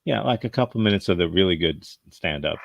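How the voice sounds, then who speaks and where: A man's voice: sits low, animated, quick pace, vocal fry, no echo, highs cut off. A man hosting a casual chat who talks hesitantly, with many fillers and restarts. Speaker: host.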